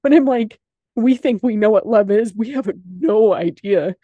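Higher-voiced woman, earnest podcast host. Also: moderate pace, no room sound, narrow, tinny audio. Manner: earnest, expressive, casual swearing. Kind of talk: casual podcast chat.

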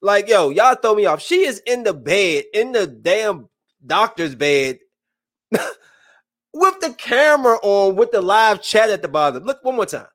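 A man in his thirties giving casual, joking live-stream commentary, swinging between loud bursts and hushed asides. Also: high-pitched, big pitch swings, a little slow. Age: 30s.

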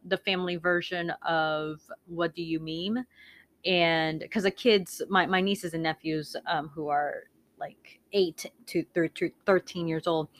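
A woman in her thirties hosting a podcast, telling candid rambling stories with frequent laughs and loud acted-out quotes. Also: on the low side. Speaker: podcast host. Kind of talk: casual chat.

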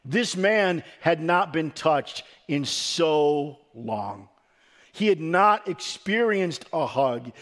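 A pastor delivering a sermon, a man whose voice sits noticeably high for his sex. He preaches earnestly and emphatically, pressing some lines and dropping others to a near hush. Now and then he stumbles and restarts a phrase.

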